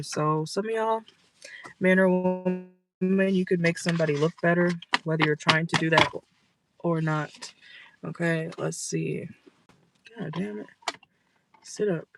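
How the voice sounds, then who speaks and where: A woman giving a casual tarot reading from her car, blunt and scolding, swearing freely, with a stuffy nose. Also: lowish voice. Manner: blunt, scolding, profane, chatty. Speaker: tarot reader. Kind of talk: casual direct-to-camera reading. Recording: noticeable background noise.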